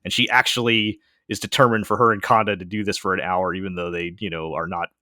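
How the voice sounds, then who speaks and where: A man's voice: deep voice, steady tone, quick pace, bright, forceful tone, dry recording, clean studio sound. A man co-hosting a podcast in casual chat, hesitant, often restarting his sentences. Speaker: podcast co-host.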